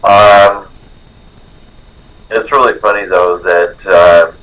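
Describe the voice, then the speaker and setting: A man's voice: sits low, steady tone, fairly bright tone, distant mic, low-quality recording. A man sharing his recovery story at a support meeting, reflective and full of fillers. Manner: slow, reflective, with many fillers. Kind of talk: personal recovery share.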